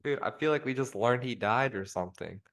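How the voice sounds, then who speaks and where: A man's voice: medium pitch, expressive, fairly quick, a bit bright. A young man co-hosting a sports podcast, talking hesitantly and stumbling over his words. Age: young adult. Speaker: podcast co-host. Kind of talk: casual sports chat.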